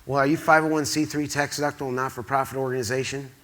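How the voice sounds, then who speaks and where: A man putting on the voice of a skeptical corporate executive, pitched lower and flatter than his own. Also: quick pace, close to an everyday voice. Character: reluctant male corporate executive, gruff and guarded.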